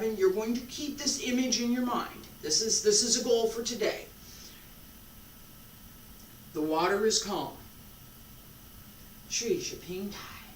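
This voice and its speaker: Slow, calm qigong instructor in a roomy space. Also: medium pitch, slight background noise. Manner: slow, calm, repeats a short phrase with long pauses. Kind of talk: guided breathing lesson. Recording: roomy echo, distant mic, faint ambience.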